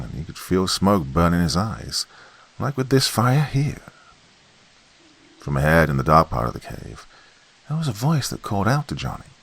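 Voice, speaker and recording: A man narrating a horror story in a folksy campfire manner, swinging between loud and hushed delivery. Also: deep voice, creaky.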